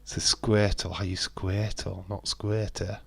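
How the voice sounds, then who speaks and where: A man's voice: sits low, little pitch movement, unhurried, vocal fry, a bit bright, breathy edge. A man hosts a live watch-along stream, commenting casually and bantering with viewers as he reads the chat aloud. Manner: bantering and teasing with viewers, frequent restarts.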